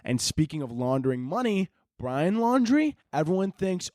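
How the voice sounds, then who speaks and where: A man's voice: fairly high pitch, expressive, moderate pace, few pauses, warm tone, no echo, studio quality. A young man hosting a podcast, ranting in a rambling, profane, jokey way. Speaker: podcast host. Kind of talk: casual comedic podcast monologue.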